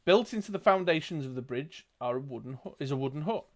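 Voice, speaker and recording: Game master brief: man, slightly high voice, reads aloud with jokey asides. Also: expressive, quick pace, darkish tone. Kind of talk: narrating a gamebook playthrough.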